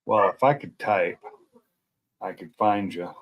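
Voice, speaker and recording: A man's voice: low-pitched, a little slow, husky. Chatty man hosting a stream from home. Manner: rambling, chatty, self-deprecating. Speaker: live stream host. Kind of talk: casual chat. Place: at home at night.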